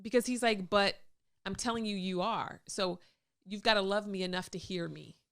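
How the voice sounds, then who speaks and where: Woman in her thirties, calm, soft-spoken co-host in a casual chat, gravelly fry in the voice. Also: mid-range voice, moderate pace. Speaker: co-host, wife.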